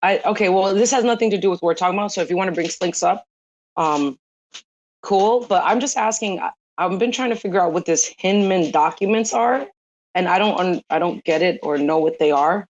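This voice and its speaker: A woman's voice: on the low side, brisk, a little mellow, dull audio. Teasing woman in an online chat. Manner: teasing, chatty, asks questions. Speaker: guest in an online chat room.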